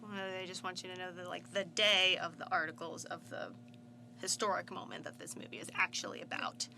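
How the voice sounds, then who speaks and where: A young adult woman giving a casual, opinionated film review, animated and indignant, her pitch leaping up when she gets worked up. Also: brisk, gravelly, noisy background. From Italian family background.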